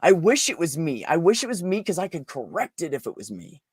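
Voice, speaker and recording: A man's voice: fairly high pitch, big pitch swings, fairly quick, husky, dry recording, clean studio sound. A man candidly telling a personal story in casual conversation, blunt and emotional, swearing often. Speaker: podcast host.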